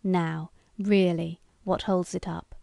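A woman voicing a gruff, skeptical older male colonel who talks bluntly. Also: lowish voice, steady tone, slow pace, warm tone, dry recording.

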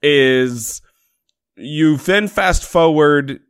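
A man's voice: a little high, extremely slow, clear, resonant tone, no room sound. Sardonic man in dry podcast chat. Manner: dry, sardonic commentary, counts off points. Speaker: podcast co-host. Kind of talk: casual chat.

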